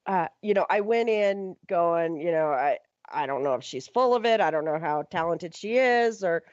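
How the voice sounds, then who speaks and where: A woman hosting a radio show, telling a personal story in halting, filler-heavy casual talk. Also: lowish voice, lively intonation, darkish tone, no echo. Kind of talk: casual radio interview chat. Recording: dull lo-fi radio audio, dry.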